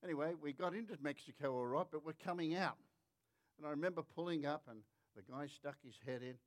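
An Australian man delivers a forceful sermon in a voice sitting a little above the usual male range. He builds his points through lists and rhetorical questions to the congregation. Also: a little high, fairly quick. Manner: emphatic, rhetorical, repeats "how many of you know". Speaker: preacher.

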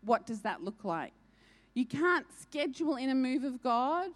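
A woman delivering a sermon in a fairly high voice. She presses her points with urgency and repeats key lines to drive them home. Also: animated, unhurried. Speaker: preacher.

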